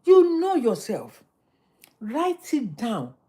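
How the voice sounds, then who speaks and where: A middle-aged woman, hosting a motivational livestream, talking in a lively, preachy way and repeating phrases for emphasis. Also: on the high side, slow pace, slightly rough. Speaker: livestream host.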